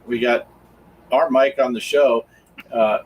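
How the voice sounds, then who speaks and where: A man's voice: mid-range voice, fairly even intonation, slow pace, slight background noise, low-quality recording. A man hosting a gaming podcast in casual chat, laid-back and teasing while he reads the chat. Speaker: podcast host reading chat.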